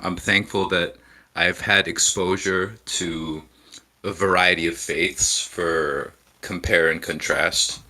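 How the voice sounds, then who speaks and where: A man speaking as a guest on a live show, giving measured, reflective answers with frequent pauses and restarts. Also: low voice, bright, forceful tone, low-quality recording. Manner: hesitant, with frequent ums and restarts.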